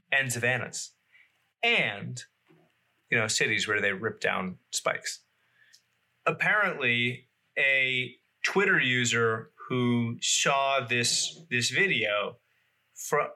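Bright-voiced man reading fun facts. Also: mid-range voice. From Boston area. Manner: reads facts aloud, laughs often, hesitant fillers. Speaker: podcast co-host. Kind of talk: casual chat.

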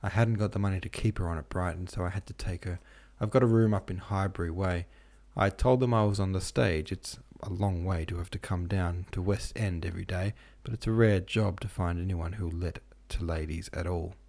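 In an audiobook, a man with a low voice performs a poor, sickly young woman who answers sullenly and pleads through tears, raising his voice a little above his own deep reading tone. The delivery is fairly even and fairly quick with few pauses, darkish in tone.

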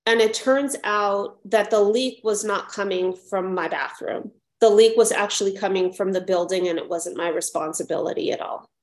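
A woman's voice: mid-range voice, moderate pace, hardly any pauses, echoey room. A woman telling her own recovery story at a support meeting, reflective and repeating phrases, often asking "right?". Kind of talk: personal share at a support meeting.

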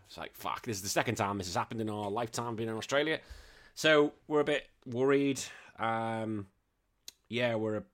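Jokey swearing podcast host. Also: male voice, fairly low pitch, fairly bright tone. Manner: swearing, jokey, laughs often. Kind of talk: casual chat.

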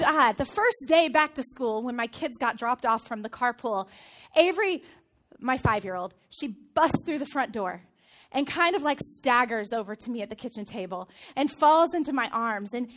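A woman in her thirties, a pastor giving a sermon in a church, telling stories in a lively, conversational way. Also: high-pitched. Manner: storytelling, animated, conversational. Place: church auditorium.

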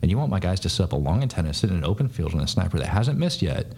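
Low-voiced guy, ex soldier on a podcast, talks quick and blunt, lots of swearing. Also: very animated, darkish tone, slightly rough. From United States. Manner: blunt, profane, fast-talking. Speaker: podcast guest, former soldier. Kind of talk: casual storytelling.

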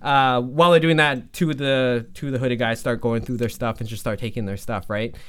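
A man's voice: medium pitch, fairly even intonation, brisk, a bit bright, smooth. A man telling a story in a casual, rambling way, full of fillers and restarts, and swearing freely.

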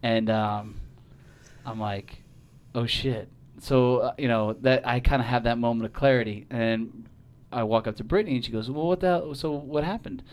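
On a podcast, a male guest with a medium-pitched voice and moderate pace tells a story in casual, profane talk. He acts out the voices of the people in it.

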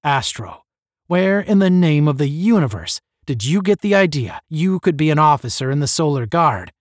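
Sarcastic space-cadet captain, read by a man, deep, clipped and lively in pitch, bone-dry sound. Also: moderate pace, dry recording. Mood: stern. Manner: barking, clipped commands. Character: stern male space academy captain, cold and sarcastic.

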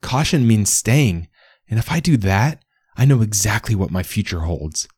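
A man's voice: on the low side, big pitch swings, moderate pace, a little mellow, husky, dry recording. A man voicing a timid, eager young male basil plant in a storybook reading, pleading and apologetic. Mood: defiant.

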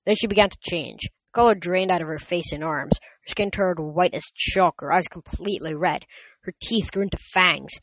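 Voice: mid-range voice, moderate pace, a bit bright. A reader giving a casual amateur audiobook narration, reading plainly, with stumbles and self-corrections.

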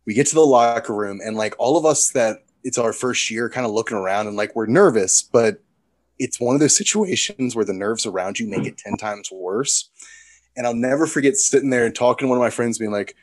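A man's voice: medium pitch, expressive, a little fast. A man co-hosting a podcast, telling a personal anecdote in casual chat and laughing between lines. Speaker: podcast co-host.

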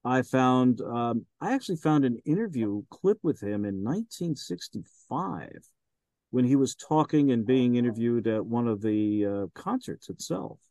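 A man's voice: medium pitch, lively intonation, a little slow, dark tone, dry recording. A man in a mid-range voice talks in a rambling, hesitant way and fills his sentences with ums and uhs. He is a casual interview guest who narrates audiobooks. The recording is dry and close, with no room sound. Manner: rambling, hesitant, many fillers.

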